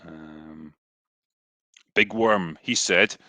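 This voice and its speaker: A man's voice: low-pitched, extremely slow, sharp tone, no room sound. A Scottish man in his thirties hosting a casual livestream, reading superchats into a headset with lots of fillers and dry, sarcastic humor. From Scotland.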